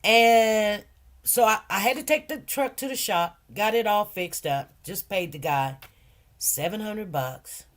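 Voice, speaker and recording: A woman hosting a casual livestream, chatty and rambling, repeating phrases and talking in relaxed informal grammar. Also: medium pitch, measured pace. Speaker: livestream host and food truck owner.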